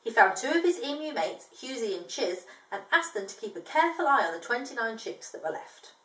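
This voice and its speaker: A woman's voice: a little fast, roomy sound, recorded from a distance, low-quality recording. Woman animatedly reading a children's storybook. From from outside Australia, now living there. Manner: animated, voices dialogue with higher pitch, chatty explanations to a child. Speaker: storyteller reading a picture book. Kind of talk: children's picture book read-aloud with asides.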